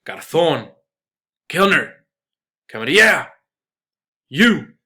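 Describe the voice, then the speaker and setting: A man voicing a loud, boisterous middle-aged father who shouts and mocks a waiter. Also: on the low side, a little slow. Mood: shouting. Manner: shouting, mocking.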